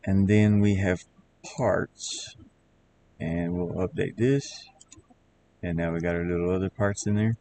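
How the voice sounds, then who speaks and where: Low-voiced Southern man rambling on stream. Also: fairly even intonation, mellow, a little hiss or hum. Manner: rambling, halting, restarts words. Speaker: game developer streamer. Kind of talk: casual live-stream chat while working.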